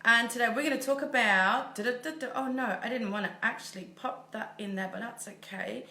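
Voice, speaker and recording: Woman, mindset coach, casual livestream chatter, bright tone, roomy echo. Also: fairly high pitch, a little fast, few pauses. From Germany. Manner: chatty, upbeat, thinks aloud and laughs often. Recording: echoey room.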